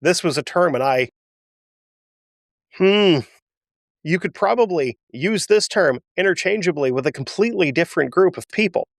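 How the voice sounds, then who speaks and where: A man's voice: sits high, animated, moderate pace, gravelly, pauses often, no echo, studio quality. A man hosting a history podcast, reading aloud a first-hand wartime account and breaking off for emotional, self-deprecating asides. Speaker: podcast host.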